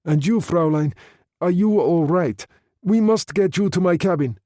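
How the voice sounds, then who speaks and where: A man voicing a young German naval lieutenant, brisk and urgent in manner. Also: sits high, dark tone, no room sound, clean studio sound, pitched above the performer's own voice. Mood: concerned.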